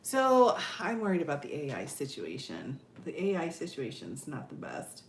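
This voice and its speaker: A woman's voice: sits low, huge pitch swings, normal speed, slight background noise. Chatty laughing woman in an echoey room. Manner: chatty, laughs often, many "oh my goodness" exclamations. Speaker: livestream host. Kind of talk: casual live chat reading comments.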